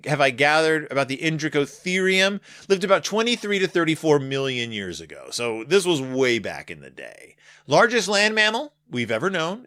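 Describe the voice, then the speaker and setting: A man's voice: on the high side, no echo. A man in his thirties talking casually and enthusiastically about a picture book, rambling and breaking off mid-sentence. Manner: animated, rambling, self-interrupting. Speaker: book reviewer.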